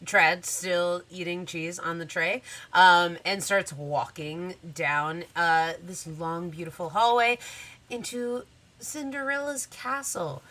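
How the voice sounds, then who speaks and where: A woman running a tabletop game, her voice bright and clear. She talks slowly and casually, with lots of fillers, and describes scenes in a relaxed way. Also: lowish voice. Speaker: game master.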